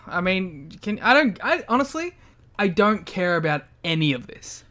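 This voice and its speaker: A man's voice: sits high, big pitch swings, measured pace, sharp tone. A man co-hosting a podcast in casual chat, with wry, self-mocking remarks and frequent laughter. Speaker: podcast co-host.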